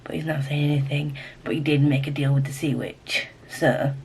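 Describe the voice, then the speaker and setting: A woman in a casual reading vlog, with a slightly low voice. She gushes and gets emotional. She repeats herself and at times drops to a hushed whisper. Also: fairly even intonation, moderate pace, creaky, a little hiss or hum. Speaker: book vlogger.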